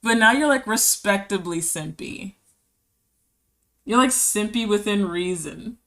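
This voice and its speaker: A woman's voice: medium pitch, a little slow, a bit bright. A woman streamer talking casually with her chat while she draws, reading messages aloud and giggling often.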